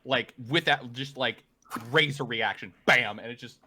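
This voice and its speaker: A man's voice: mid-range voice, moderate pace, bright, forceful tone, a little hiss or hum. A man narrating as game master in a tabletop game, rambling with frequent fillers.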